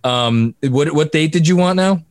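A man's voice: on the high side, a little slow, no room sound, clean studio sound. A man co-hosting a casual sports podcast, reeling off statistics and laughing at his own numbers. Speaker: podcast co-host.

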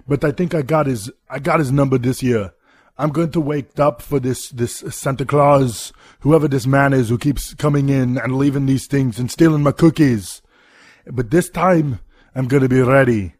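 A man's voice: medium pitch, a little mellow, dry recording, natural voice. A man doing a comic impression of a self-important Austrian action-star governor, boasting in a thick put-on Austrian accent. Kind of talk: comedy sketch monologue.

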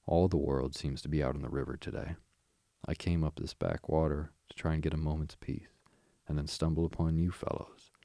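A man voicing a hearty male otter in a storybook reading, blunt and jovial, with a gravelly voice. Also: very deep voice, flat delivery, fairly quick, warm tone, no room sound, studio quality.

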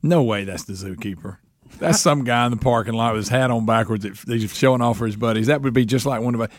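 Southern man co-hosting radio, teasing, mid-pitched voice. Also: quick pace, dry recording, clean studio sound. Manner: teasing, wry, laughs often. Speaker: radio co-host. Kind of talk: casual banter on a morning radio show.

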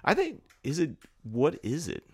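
A man's voice: a little high, huge pitch swings, measured pace, breathy edge. A man co-hosting a podcast in casual chat, swearing freely and laughing at himself. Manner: swearing, self-deprecating, laughs often. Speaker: podcast co-host.

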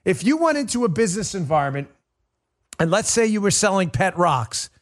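A man's voice: high-pitched, sing-song, a little fast. A man hosting a political podcast, delivering an emphatic, indignant commentary monologue that repeats its points.

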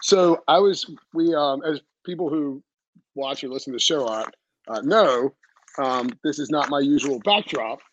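Husky, rambling podcast host man. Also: fairly high pitch, moderate pace, no room sound, muffled recording. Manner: rambling, lots of fillers and restarts. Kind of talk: casual chat.

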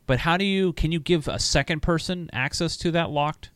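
A man's voice: on the high side, normal speed, a bit bright, clear, resonant tone, no echo. A man co-hosting a casual gaming show from his home studio. He reads viewer questions, laughs often and repeats himself. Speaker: show co-host.

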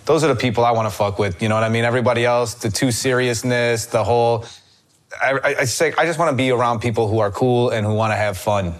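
A man's voice: medium pitch, steady tone, fast. A man from Chicago, a podcast guest and actor, telling stories in casual chat with many restarts. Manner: rambling, many restarts and fillers.

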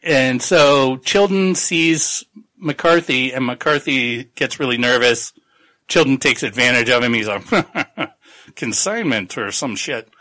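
A man's voice: mid-range voice, takes it slowly, sharp tone, rough recording. A man on a podcast casually recapping a novel's plot, rambling and swearing as he acts out the characters. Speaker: podcast co-host.

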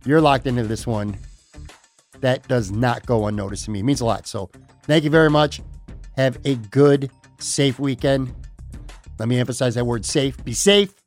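A man's voice: mid-range voice, normal speed, a little mellow, faint music behind. A man hosting a sports podcast, signing off in a chatty, upbeat way and repeating himself often. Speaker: podcast host. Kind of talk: casual podcast outro.

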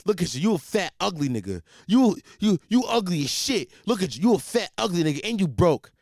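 Brief: man doing an angry young troll, loud and taunting, pitched up, dry close sound. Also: sing-song, a little fast, no echo. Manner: aggressive, insulting, taunting. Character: hostile young man sending angry messages.

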